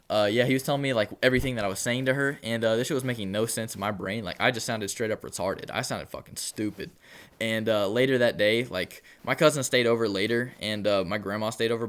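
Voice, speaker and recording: A man's voice: lowish voice, steady tone, brisk, smooth. A young man telling a rambling personal story in a laid-back way, with lots of filler words. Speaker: storytelling vlogger. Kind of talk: casual storytelling.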